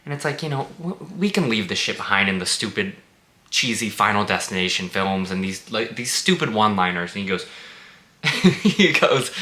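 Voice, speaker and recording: A man's voice: lowish voice, animated, moderate pace, sharp tone. A man giving a casual spoken movie review, blunt and sarcastic, swearing freely. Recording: echoey room.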